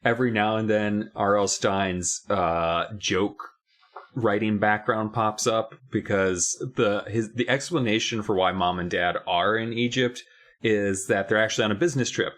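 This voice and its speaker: A man's voice: fairly low pitch, unhurried, a bit bright. A man co-hosting a casual podcast about a kids' horror book, rambling and restarting, with mock-outraged asides. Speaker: podcast co-host. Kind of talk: casual book-club chat.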